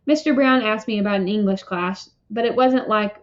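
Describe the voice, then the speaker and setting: A woman giving an expressive first-person audiobook narration. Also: mid-range voice, moderate pace. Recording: dull lo-fi recording.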